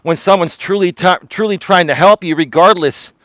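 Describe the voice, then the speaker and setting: A man with a high voice lectures his live stream audience while walking outdoors. He sounds indignant and repeats his points. The sound is dry and close, with little room around it. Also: moderate pace, a bit bright, no echo. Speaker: life coach streamer.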